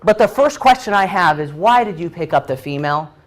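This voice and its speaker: A man's voice: sits high, lively intonation, brisk. A man voicing an eager, anxious young monk apprentice in a spoken parable, questioning his teacher insistently. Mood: pleading.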